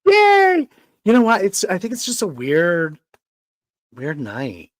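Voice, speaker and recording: A man co-hosting a casual talk show, chatty and excitable, often jumping up in pitch. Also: unhurried, slight background noise. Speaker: co-host.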